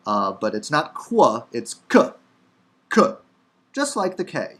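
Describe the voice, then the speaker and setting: Male instructor, Chicago accent, offhand and dryly funny, mid-pitched, lecture delivery. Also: sing-song, measured pace, a bit bright. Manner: casual, wry teaching with many fillers. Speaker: Hebrew instructor. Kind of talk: recorded lecture.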